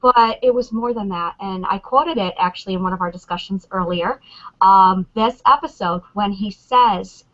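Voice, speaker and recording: A woman on a convention panel, chatting excitedly and acting out lines from scenes. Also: medium pitch, normal speed, dull audio. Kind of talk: animated fan chat.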